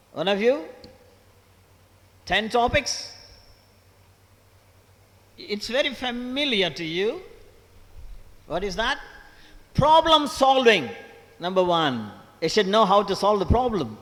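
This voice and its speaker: Speaking in a college auditorium full of long reverb, a Tamil Nadu man in his seventies, once an English professor, lectures students motivationally in a high, slightly bright voice. His Tamil Indian English accent carries heavy syllable stress, and he keeps asking the audience questions and repeating his main points.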